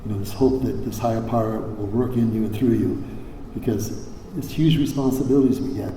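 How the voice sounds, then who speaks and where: A man's voice: fairly low pitch, fairly even intonation, brisk, mellow, a little hiss or hum. Rambling older man in an echoey hall. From Hawaii. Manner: rambling, many fillers and restarts, salty language. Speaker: convention speaker. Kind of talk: recovery convention talk. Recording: echoey hall, faint ambience.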